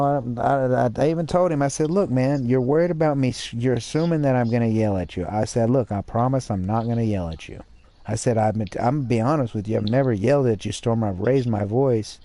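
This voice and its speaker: A man's voice: mid-range voice, mellow. A man streaming, chatting casually and bluntly about a game, rambling and swearing.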